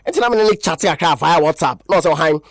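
A man's voice: on the high side, lively intonation, fast talker, no echo, studio quality. A man with a Ghanaian accent hosting a radio sports show, rambling through lists of player names and switching between languages. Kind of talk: sports talk radio chat.

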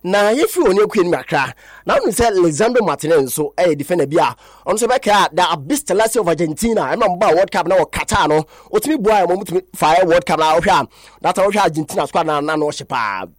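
This radio sports host speaks with a Ghanaian accent, switching languages while rambling over lists of players' names in sports talk chat. His high voice has lively intonation and a fast pace. It's recorded with studio quality and no room sound.

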